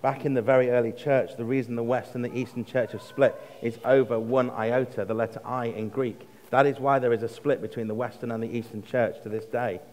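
A man's voice: medium pitch, fairly even intonation. English man preaching in a reverberant church. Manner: measured, slows for emphasis, drops to a hush on quotes. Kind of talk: sermon. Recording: long reverb of a church hall.

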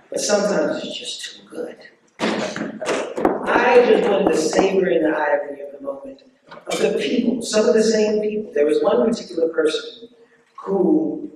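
A man's voice: on the high side, a little mellow, recorded from a distance, slight background noise. Impassioned man speaking in an echoey hall. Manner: rhetorical, repeating questions, drawn-out stresses. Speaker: guest speaker. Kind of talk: impassioned debate speech. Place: debate hall.

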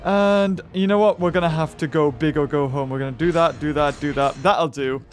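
Male gamer, high-pitched, excitable play-by-play, game music behind. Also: fairly quick. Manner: excitable, thinking aloud, bursts of high-pitched shouts. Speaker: gaming YouTuber. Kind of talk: game commentary.

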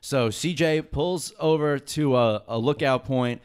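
Man, podcast co-host, animated chat, profane, clear smooth voice. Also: mid-range voice, a little slow. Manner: animated, profane, keeps asking "you know what I mean?". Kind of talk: casual chat.

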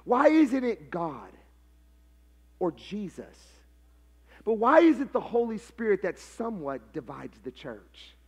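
A pastor preaching a live sermon, calling on his congregation to answer back and building to shouted, sing-song passion. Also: high-pitched, very animated, slow pace, long pauses, slightly rough. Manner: call-and-response preaching, prompting the congregation.

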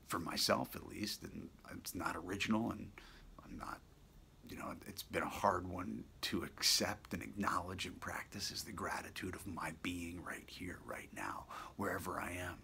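A deep-voiced man talks through a reflective monologue for his daily video blog. His voice is very gravelly yet bright and forceful, dropping often into a soft half-whisper as he muses with pauses and corrects himself. A faint noise sits under the recording.

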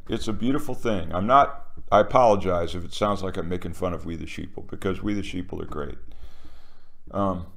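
An older man with a lowish voice talks alone in a loose, wandering monologue. He is sarcastic and theatrical, and he breaks into loud mock quotations before dropping back to a muttering aside. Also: creaky. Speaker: commentator. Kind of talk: rambling monologue.

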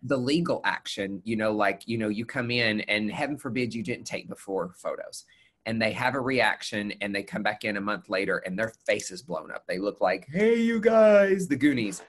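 A man's voice: on the low side, moderate pace, slight background noise. A man, a nurse injector, chatting casually as a webcast guest and telling stories with acted-out quotes. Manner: animated storyteller, acts out quotes.

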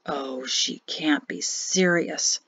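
A woman's voice: medium pitch, expressive, a little slow, no room sound, natural voice. A woman voicing an exasperated male army major who grumbles and sputters. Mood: grumbling. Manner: grumbling, weary and flustered. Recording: dry, slightly muffled audio.

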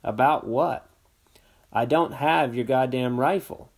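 A man's voice: medium pitch, takes it slowly. A man reading aloud, voicing a frantic teenage boy on the phone whose voice jumps upward in panic. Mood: panicked.

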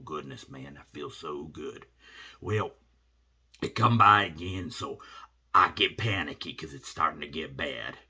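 A middle-aged man, telling a rambling comic story in a folksy, animated way. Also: low voice, breathy edge. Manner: animated, rambling, drops to hushed asides.

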